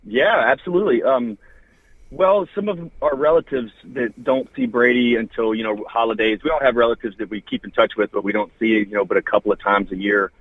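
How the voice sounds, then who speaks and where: A Southern-accented man who hosts a wrestling TV show chats casually on a podcast, plugging his program by rattling off names and details in a promotional way. His medium-pitched voice moves fairly quickly with no echo, over a dry, husky, phone-like line.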